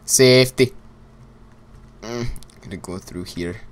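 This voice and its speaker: A man's voice: low-pitched, moderate pace, fairly bright tone, slight background noise. A young man giving casual gameplay commentary, rambling and repeating himself while he plays, often laughing. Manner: rambling and repetitive, talking to himself, with bursts of laughter.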